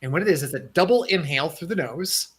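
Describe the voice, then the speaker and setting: A man's voice: fairly high pitch, expressive, quick pace. A man coaching viewers on a livestream, earnest and emphatic, repeating phrases for effect. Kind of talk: livestream talk and guided breathing.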